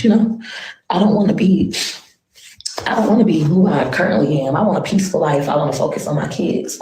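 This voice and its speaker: A woman's voice: deep voice, darkish tone, slight background noise. A woman rambling on a livestream, venting her frustration with sighs. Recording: echoey room.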